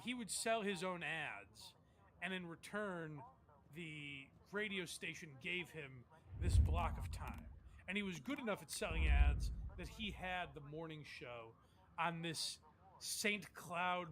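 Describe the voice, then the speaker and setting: A man's voice: high-pitched, noisy background. A male streamer hosting, chatting casually and commenting on clips in a rambling, profane way. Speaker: streamer host.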